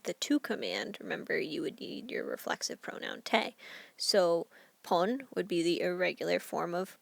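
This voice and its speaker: Woman teacher, recorded lesson, patient step-by-step explainer, slight vocal fry, dry close sound. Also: lowish voice, fairly bright tone, no echo. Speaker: Spanish teacher.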